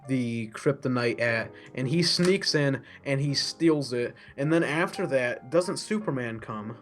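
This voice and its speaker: A man's voice: medium pitch, expressive, unhurried, faint music behind. A man co-hosting a casual movie review, rambling with lots of fillers and restarts. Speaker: co-host.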